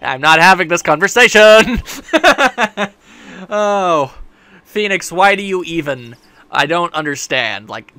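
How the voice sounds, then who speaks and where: Jokey lively young guy gaming. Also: high voice. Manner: joking, rambling, laughs often. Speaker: let's play host. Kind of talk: casual gameplay commentary.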